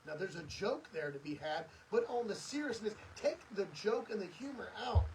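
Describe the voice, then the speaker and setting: A man's voice: sits high, expressive, normal speed, far from the mic, slight background noise, rough recording. A middle-aged man hosting a podcast, giving an earnest, preachy motivational monologue with lots of emphatic repetition. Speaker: podcast host.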